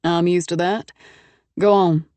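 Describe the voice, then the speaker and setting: A woman's voice: on the low side, steady tone, a little slow, a little mellow, no room sound, close to an everyday voice. A woman narrator voicing a confident Texan millionaire man with an easygoing, wry drawl and a Texas accent.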